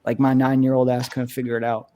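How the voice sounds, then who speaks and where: A man's voice: mid-range voice, completely flat delivery, fast talker, mellow, slight background noise. A young man in casual chat with friends, swearing and laughing through his stories.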